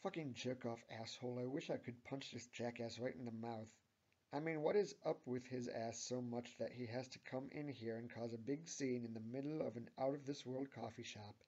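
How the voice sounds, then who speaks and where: A man's voice: mid-range voice, steady tone, normal speed, darkish tone, husky, lightly acted. A man reading the lines of an abrasive, cynical young woman who swears and grumbles, on a dull lo-fi recording. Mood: grumbling bitterly.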